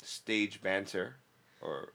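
A stand-up comedian in casual chat, talking loosely with slang and swearing. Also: male voice, lowish voice, drawn-out words, vocal fry, sharp tone.

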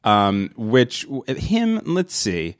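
A man rants in a profane, exasperated way while he tells a comedic story. He sounds dry and close to the mic, and his pitch sits in the middle. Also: wildly swooping pitch, extremely slow, dry recording.

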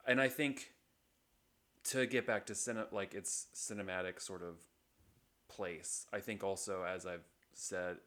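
A man's voice: low voice, fairly even intonation, a little slow, a bit bright. A young man co-hosting a podcast in casual chat, rambling and hesitant, with many fillers. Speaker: podcast co-host.

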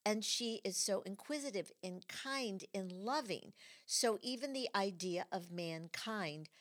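Host, middle-aged woman, Michigan-raised, lively storyteller, mid-range voice. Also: medium pitch, measured pace. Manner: animated storyteller, acts out quotes. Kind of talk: casual chat.

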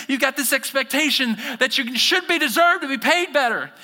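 A man preaching a sermon with a high voice. His tone is very bright and forceful. He speaks straight to the congregation and acts out the voices of the people he quotes. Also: animated, fairly quick, few pauses, big-room sound. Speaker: pastor.

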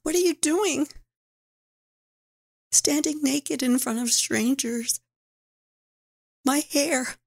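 A woman speaking as a frightened six-year-old girl taken from home, halting and pleading, at times whispering. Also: high-pitched, gravelly, exaggerated voice.

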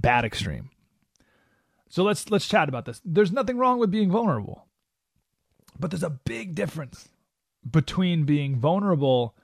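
A man's voice: fairly high pitch, a little mellow, no room sound, clean studio sound. A man hosting a radio talk show, giving an emphatic, opinionated monologue and acting out the voices he quotes. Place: radio studio.

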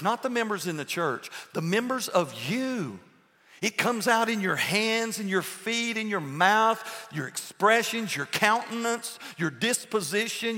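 A man preaching a sermon to his church, firing rhetorical questions and swinging between loud and hushed delivery. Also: high voice, big-room sound. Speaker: pastor. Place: church sanctuary.

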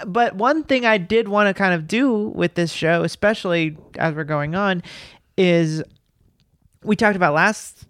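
A man's voice: high voice, a little slow, fairly bright tone, clear, resonant tone, no room sound. A young man co-hosting a film podcast, chatting loosely, rambling through asides and laughing often. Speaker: podcast co-host. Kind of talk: casual film chat.

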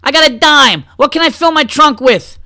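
A squeaky, gravelly cheapskate bargain hunter. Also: male voice, expressive, normal speed, pushed and bright, full character voice. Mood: pestering. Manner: stammering, pestering, haggling. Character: whiny penny-pinching bargain hunter at a yard sale.

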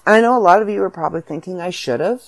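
A Canadian woman with a Canadian accent, hosting a podcast and talking casually about her writing in a chatty, animated way. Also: fairly low pitch, rapid-fire. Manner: chatty, animated storytelling with voiced asides. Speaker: podcast host and author. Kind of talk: casual solo podcast monologue.

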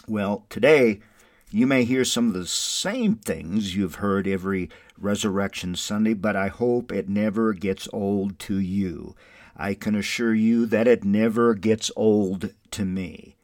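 Low-voiced pastor, dry close sound. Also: male voice, a little slow, no echo. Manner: swells from soft and mournful to loud and jubilant. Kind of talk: online Easter sermon.

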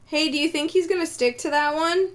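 A Canadian woman co-hosting a podcast, teasing and joking playfully while chatting about a TV episode. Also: sits high. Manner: playful, teasing, quick to joke. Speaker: podcast co-host. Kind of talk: casual chat about a TV episode.

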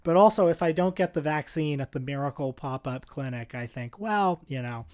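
A man's voice: on the high side, moderate pace, darkish tone. A man co-hosting a podcast, telling stories in a wry, self-mocking, rambling way. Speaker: podcast co-host. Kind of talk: casual podcast chat.

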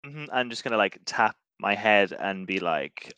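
An English man playing a tabletop game, his voice low-ish and bright. He rambles casually, recorded dry and close. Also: animated, moderate pace, dry recording, lo-fi sound. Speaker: player.

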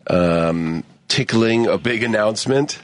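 Deep-voiced playful male radio co-host. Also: slow pace. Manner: playful, jokey, breaks into sung rhymes. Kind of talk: casual radio chat. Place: radio studio.

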